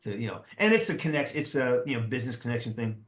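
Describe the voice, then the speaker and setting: A man in his sixties, an actor guest telling a lively, profane anecdote and acting out the people in it. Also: mid-range voice, fast. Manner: animated, profane, acts out the people in his stories. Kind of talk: casual storytelling anecdote. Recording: roomy echo.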